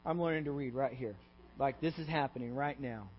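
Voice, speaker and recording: A mid-range-voiced pastor preaches fairly quickly, keeping the congregation engaged with constant questions and check-ins like "okay?" and "all right?". The recording, made in a church sanctuary, is dull and echoey with mains hum.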